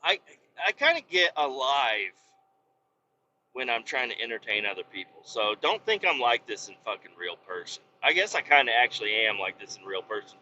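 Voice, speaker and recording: A man hosting a podcast, ranting heatedly with constant swearing and bursts of yelling, recorded in the cab of a semi truck while driving. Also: medium pitch, a little hiss or hum. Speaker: podcast host. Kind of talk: profane ranting monologue. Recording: dull lo-fi recording.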